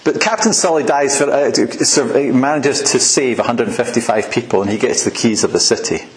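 A man preaching a sermon in a relaxed, chatty way, often laughing at his own asides. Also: medium pitch, normal speed, reverberant, rough recording. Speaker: pastor.

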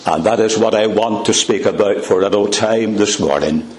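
A man preaching a sermon in a church, with dramatic pauses and a voice that drops low on repeated refrains. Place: church hall. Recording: echoey church sound.

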